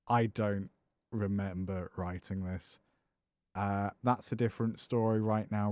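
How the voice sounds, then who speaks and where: A man's voice: fairly low pitch, steady tone, takes it slowly, darkish tone, no echo. A man talking casually on a livestream while writing a song, self-amused and joking dryly about his own lyrics. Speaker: streamer and guitarist. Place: home music studio.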